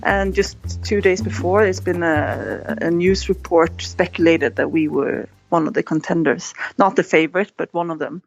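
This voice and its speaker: A woman's voice: fairly low pitch, fairly even intonation, moderate pace, creaky, few pauses, faint music behind. A woman guest in an interview, telling a story with animation and acting out quoted lines. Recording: dull, dry sound.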